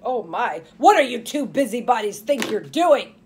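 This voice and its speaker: A woman's voice: a little high, very animated, moderate pace, a little mellow, slight background noise. Woman voicing a sneering male thug. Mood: menacing. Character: menacing male street criminal, bullying.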